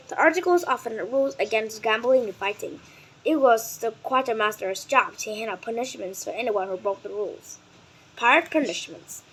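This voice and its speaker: A woman whose first language is Vietnamese reads a children's nonfiction book aloud in English, carefully and deliberately, sometimes stumbling and correcting herself. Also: fairly high pitch, slight background noise, rough recording.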